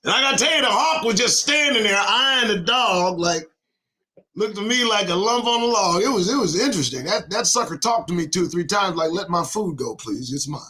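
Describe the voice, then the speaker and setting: A middle-aged man hosting his own show, ranting in a rhyming monologue with sudden shouts and swearing. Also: high-pitched, fairly quick. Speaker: host of a daily online show.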